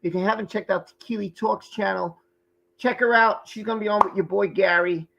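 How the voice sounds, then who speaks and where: A man's voice: high-pitched, fairly quick, creaky, background noise. A man hosting a live stream, chatting casually and greeting viewers by name from the chat, sometimes stumbling over their names. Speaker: livestream host.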